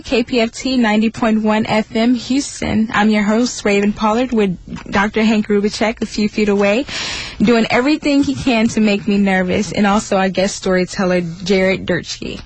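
A woman's voice: mid-range voice, fairly even intonation, normal speed, low-quality recording. A woman hosting a radio show, introducing guests with a hesitant delivery full of ums. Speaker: radio host.

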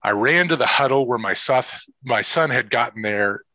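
A man's voice: mid-range voice, normal speed, no room sound. A middle-aged man telling an emotional personal story as a father and coach, earnest and heartfelt, acting out what others said. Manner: earnest, emotional, quotes others in lively voices. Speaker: father and assistant football coach.

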